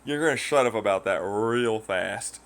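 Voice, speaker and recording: A man's voice: fairly low pitch, normal speed, a bit bright. A man ranting casually and profanely, rambling through a story and acting out quoted voices in mocking tones. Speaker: podcast host. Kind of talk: casual rant.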